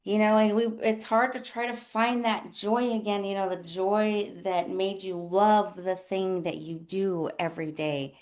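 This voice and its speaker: Woman nurse coach just chatting, rambly and open, lots of likes and ums, voice not high not low. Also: flat delivery, a little slow, hardly any pauses, a little mellow. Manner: rambling and chatty, full of fillers like "like" and "um"; candid and self-deprecating. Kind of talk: casual motivational talk.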